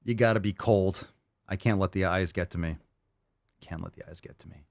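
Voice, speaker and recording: A man hosting a casual livestream podcast, loud and profane, hyping up listener posts and talking to his dog. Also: deep voice, moderate pace, creaky, dry recording. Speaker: podcast host.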